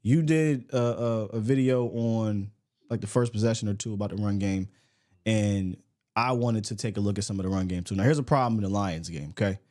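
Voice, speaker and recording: A man's voice: on the low side, brisk, darkish tone. A man hosting a casual sports podcast, talking in a loose, joking way and often repeating words. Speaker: podcast host. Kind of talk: casual sports chat and sponsor read.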